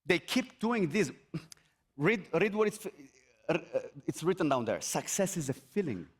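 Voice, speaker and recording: Man, motivational speaker on stage, high voice, lively swooping pitch, energetic, repetitive, rhetorical questions. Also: unhurried, husky. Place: event stage.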